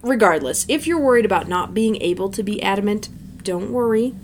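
A woman's voice: mid-range voice, lively intonation, fast talker, a little hiss or hum. A woman co-hosting a casual podcast, summing up a book with dry sarcasm and reading quotes aloud. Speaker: podcast co-host.

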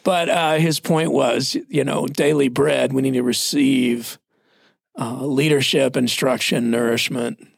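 A male pastor in his forties shares stories in a casual church podcast, plainspoken and self-deprecating. His voice is gravelly with a husky grain. The sound is dry and close. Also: medium pitch, steady tone, unhurried, no room sound.

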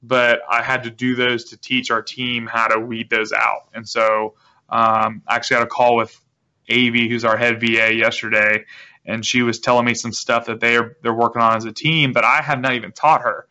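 A man guest explaining his business in a relaxed, rambling interview manner, with many restarts. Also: mid-range voice, normal speed. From South Carolina. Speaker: guest, real estate wholesaler. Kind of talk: casual interview talk. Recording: dull lo-fi audio.

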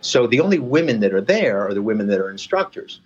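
A man's voice: fairly low pitch, big pitch swings, fast, slightly rough. A man telling stories in a casual chat, rambling with many fillers, on a dull lo-fi recording. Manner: rambling, lots of "you know" fillers. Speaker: podcast guest, personal trainer. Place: lives near Reading, England. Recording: dull lo-fi sound.

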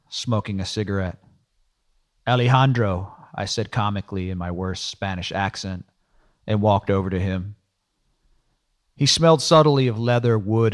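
Man, audiobook narrator, first-person, dry, sardonic, low-pitched.

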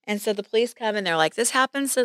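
A woman's voice: mid-range voice, rapid-fire, clean tone, no room sound, studio quality. A woman real estate agent telling a story in a casual podcast chat, acting out the voices of the people in it. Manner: animated, acts out quoted voices.

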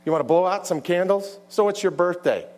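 A man's voice: sits high, a little fast, a little mellow, pitched above the performer's own voice, natural voice. A man voicing a brash, sarcastic woman from the streets who mocks her friend. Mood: mocking. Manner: sarcastic, taunting.

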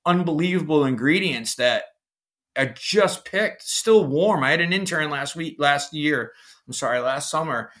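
A man from Massachusetts with a Massachusetts accent, a chef being interviewed, telling stories with animated enthusiasm. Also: a little high, measured pace. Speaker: executive chef, guest. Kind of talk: casual interview chat.

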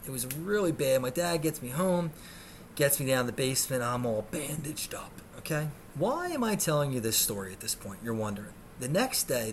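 A mid-range male voice hosts a podcast over slight background noise. He tells his story comically and animatedly, swearing a lot and shrieking as he acts out the scenes.

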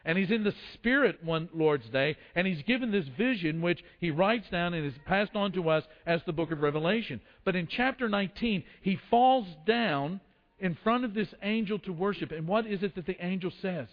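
A man's voice: high-pitched, normal speed. A man preaching a sermon, telling the story with acted quotes and frequent restarts. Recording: dull lo-fi sound in a long-reverb hall.

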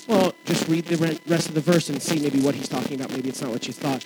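A man pastor preaching a sermon to a congregation in a conversational, animated way, with asides and jokes. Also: high voice, brisk, loud music behind the voice, rough recording. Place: church sanctuary with congregation.

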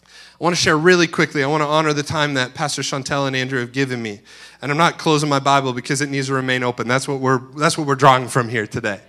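A man preaching a sermon, telling a personal story earnestly, dropping to a hush and rising again. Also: medium pitch, steady tone, fast. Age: adult. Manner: earnest storytelling, swings from hushed to loud. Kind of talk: sermon testimony.

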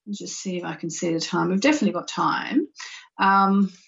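A woman's voice: fairly low pitch, fairly quick, gravelly, fairly bright tone. Chatty Australian woman host. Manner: chatty and rambling, with filler words. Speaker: spiritual live-show host. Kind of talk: casual live-stream chat. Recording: muffled lo-fi recording.

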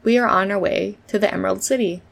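A woman's voice: mid-range voice, fast talker, gravelly. Woman reading as a timid, kind young girl. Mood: earnest. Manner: soft, earnest questions.

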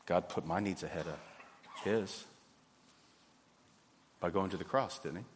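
A man, preaching a sermon in a folksy, animated way. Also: sits low, measured pace, a little hiss or hum. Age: 50s. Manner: folksy, animated, acts out little scenes. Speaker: pastor. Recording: hall reverb.

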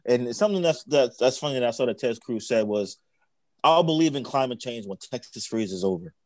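Indignant man with a lively voice. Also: medium pitch, fairly quick, no echo, studio quality. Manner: exclaiming, indignant, swears freely. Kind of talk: casual chat.

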